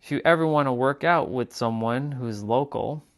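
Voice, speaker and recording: A man's voice: mid-range voice, moderate pace, a bit bright. A man chatting casually to viewers on his live stream, rambling and repeating himself as he talks. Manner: rambling, repeats phrases and restarts. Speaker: livestreamer.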